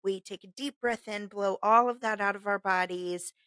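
A woman co-hosting a casual late-night podcast, chatty and giggly, guiding listeners through a calming breath. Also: medium pitch, normal speed, no echo, clean studio sound. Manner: giggly, chatty, leads calm breathing exercises. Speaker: podcast co-host.

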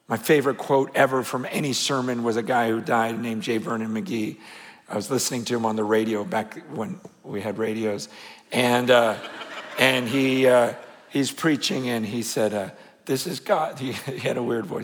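A man preaching a sermon, conversational with fillers, swinging between shouts and hushed tones. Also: medium pitch, fairly even intonation, normal speed. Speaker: pastor. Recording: long hall reverb.

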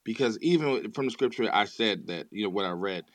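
A man's voice: lowish voice, expressive, fairly quick, fairly bright tone, dry recording. A man making an earnest case in an online audio chat room, often repeating words as he starts a thought. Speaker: debate participant. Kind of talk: earnest theological debate.

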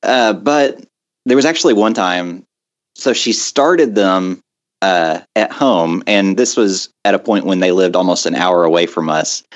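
A man's voice: low voice, measured pace, no room sound. A man co-hosting a casual food podcast, chatty and laid-back, telling stories with lots of fillers. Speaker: podcast co-host. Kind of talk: casual chat.

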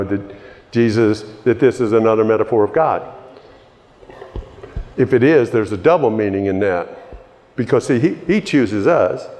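A man preaching a sermon, conversational at first and building to emphatic high points. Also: a little mellow. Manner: conversational, rising to emphatic peaks. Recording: long reverb of a large hall.

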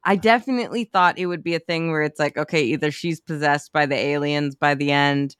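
Podcast co-host, mid-range voice, animated and profane, dry sound. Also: medium pitch, brisk, clean tone, dry recording. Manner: animated, swears freely, acts out reactions. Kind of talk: casual movie chat.

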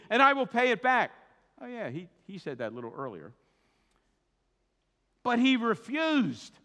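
A man preaching a sermon as a pastor, in a conversational, animated way with asides. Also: fairly high pitch, long reverb tail. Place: church sanctuary.

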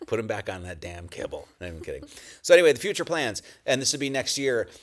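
A man's voice: medium pitch, sing-song, fast talker, a bit bright. A man giving a casual, rambling church talk as pastor, joking and swearing, with many restarts. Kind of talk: casual sermon. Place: at home with dogs nearby.

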